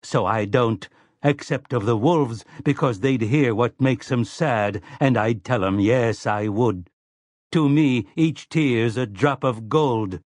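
A man's voice: medium pitch, takes it slowly, a little mellow, no echo. A man voicing a prissy, complacent male robot servant in an audiobook, talking in a silky, fussy, self-satisfied way. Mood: resentful. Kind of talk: audiobook character voice.

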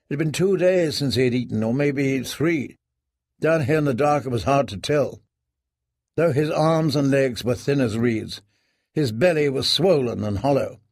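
A man's voice: medium pitch, gravelly, a little mellow, dry recording, studio quality. Man narrating a grave audiobook. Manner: measured, grave storytelling.

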